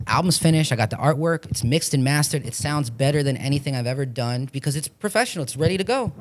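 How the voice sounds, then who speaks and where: A man in his forties from Florida, an actor talking as a podcast guest in a casual, animated way, swearing often as he tells stories. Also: a little high, fast talker. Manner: profane, animated storytelling with frequent swearing. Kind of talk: casual chat.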